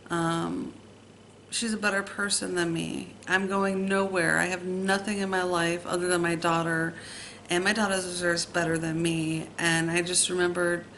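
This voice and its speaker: A woman telling a personal ghost story in a hesitant way, pausing often with fillers. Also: lowish voice, vocal fry, a bit bright, slight background noise, rough recording. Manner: slow, hesitant, with many pauses and fillers.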